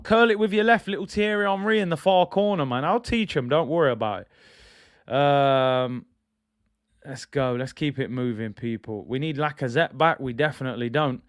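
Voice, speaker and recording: A man hosting a live football watch-along, reacting loudly to play and reading out viewer comments. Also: moderate pace, clean tone, no echo, studio quality. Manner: excitable, trailing off with a low "people"; reads out chat comments between play calls.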